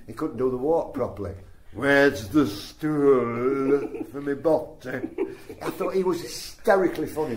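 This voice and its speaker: An older man, a comedian guest, telling stories in an animated, laughing way during an interview. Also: mid-range voice. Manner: animated storyteller, breaks into laughter. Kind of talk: anecdotal interview chat. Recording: echoey room, faint noise.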